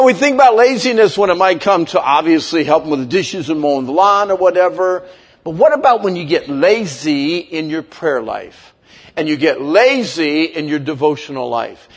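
Man, fifties, pastor, husky slightly high voice, animated call-and-response sermon. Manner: animated, playful, acts out kids' voices.

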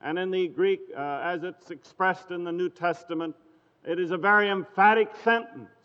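High-voiced preacher in a reverberant hall. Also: male voice, clear, resonant tone. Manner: measured storytelling, reads scripture in old-fashioned phrasing. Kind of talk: sermon. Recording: dull lo-fi recording in a reverberant hall.

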